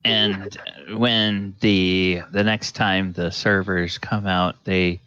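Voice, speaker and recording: A man narrating as game master for a tabletop game, halting and unhurried with many fillers. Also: sits low, flat delivery, sharp tone, clear, resonant tone, dry recording, highs cut off.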